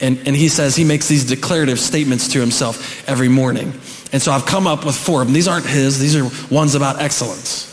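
A middle-aged man preaching a sermon as pastor, animated, building to shouts, with joking asides. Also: mid-range voice, fast talker. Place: church sanctuary. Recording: echoey church hall with long reverb.

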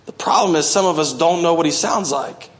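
A man preaching a sermon as pastor, animated, often acting out voices and swinging from loud to hushed. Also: on the high side, brisk. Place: church.

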